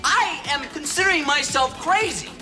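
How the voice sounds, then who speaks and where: A man's voice: mid-range voice, very animated, moderate pace, music in the background, natural voice. An actor playing a flirtatious, sarcastic man in a daytime soap opera. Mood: exasperated. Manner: teasing and sarcastic. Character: teasing, flirtatious man, sarcastic business partner. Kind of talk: 1990 daytime soap acting.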